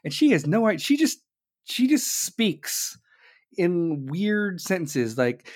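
A man delivering a heated, sarcastic political rant, swearing and bursting out loudly. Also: high-pitched, sing-song, takes it slowly. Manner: heated, sarcastic, swearing, with sudden loud outbursts.

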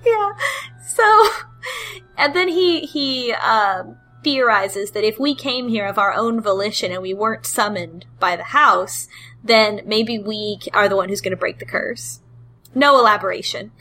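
A woman's voice: medium pitch, lively intonation, measured pace, sharp tone, soft background music, poor audio. A woman hosting a casual podcast chat, recapping a game in a rambling, hesitant way with cheeky asides. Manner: rambling, hesitant, with frequent ums and laughs; cheeky and irreverent.

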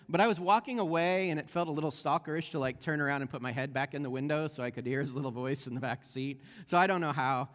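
Man, pastor, sermon, slightly high voice, halting with fillers, long church reverb. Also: a bit bright. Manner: storytelling with many fillers and restarts.

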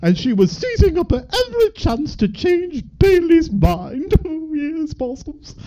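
A man's voice: very high voice, sing-song, measured pace, mellow, heavily acted. A man voicing a fussy older woman who reads aloud theatrically and calls everyone possums. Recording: dull lo-fi podcast audio.

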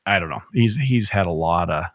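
A man's voice: low-pitched, animated, fairly quick, fairly bright tone, no room sound. Middle-aged man, dry close sound. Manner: enthusiastic storyteller, retells film scenes. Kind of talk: casual chat.

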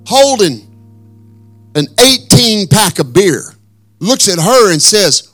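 A male pastor preaching a sermon with animated, blunt storytelling and emphatic asides. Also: high voice, slow, long pauses, faint music behind.

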